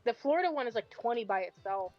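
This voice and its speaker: A woman chatting on a stream as a guest, heated and animated, swearing when annoyed. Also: on the high side, fast, dull audio, faint music behind. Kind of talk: casual chat.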